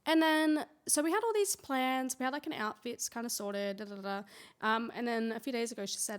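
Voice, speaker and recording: A woman's voice: on the high side, big pitch swings, a little fast. A woman, co-hosting a podcast in rambling casual chat, fighting a cough. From Australia. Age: 20s. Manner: chatty, rambling, many fillers. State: has a cough. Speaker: podcast co-host.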